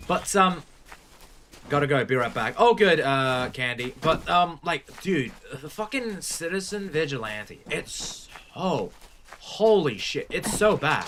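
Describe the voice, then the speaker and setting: Excitable profane young Australian man streaming. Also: a little high, measured pace, a little hiss or hum. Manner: rambling, profane, excitable, chatting to viewers while playing. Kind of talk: casual live-stream chat. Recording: music playing behind the voice.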